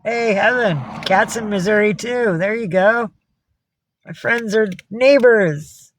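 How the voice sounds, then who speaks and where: A woman from upstate New York chatting casually on a live stream. She talks warmly to her cats, swears freely and answers viewers' comments. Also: mid-range voice, slow pace, a little hiss or hum. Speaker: livestreamer.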